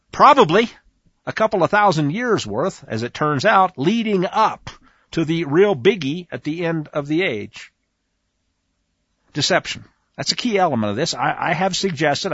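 A man giving a conversational Bible teaching, animated and emphatic, speaking straight to his listeners. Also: fairly high pitch, breathy edge, no room sound. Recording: dull lo-fi dry recording.

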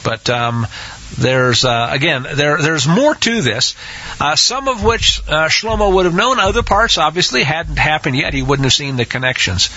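A man's voice: a little high, expressive, moderate pace, bright, forceful tone. A man teaching a scripture study, hesitant with many restarts and acting out the quotes, on a dull lo-fi recording. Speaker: Bible teacher.

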